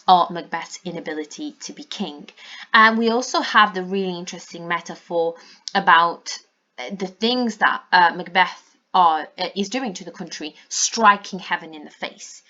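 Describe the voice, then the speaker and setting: A woman teaching exam revision, explaining patiently and filling her pauses with ums. Her voice sits a little low but sounds bright and forward. The recording is dull and lo-fi. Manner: explanatory, many fillers. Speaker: English teacher. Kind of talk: revision lesson, annotating a play.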